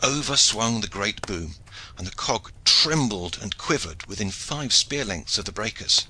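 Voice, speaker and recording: A man reading a historical adventure audiobook in expressive narration. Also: fairly low pitch, unhurried, husky, poor audio. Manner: expressive storytelling. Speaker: audiobook reader. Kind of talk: scripted narration.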